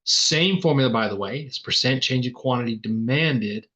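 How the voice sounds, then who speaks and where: A man's voice: medium pitch, normal speed, fairly bright tone, breathy edge. Chatty older male economics teacher, lo-fi. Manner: chatty, self-deprecating, working examples aloud. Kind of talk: recorded classroom lecture. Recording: dull lo-fi lecture recording.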